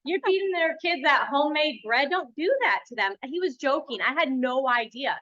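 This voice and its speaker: A young woman coaching a group in a high, bright voice. She talks bluntly and tells lively stories. The recording sounds a little dull and lo-fi. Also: normal speed. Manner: blunt, animated storytelling. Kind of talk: casual workshop talk.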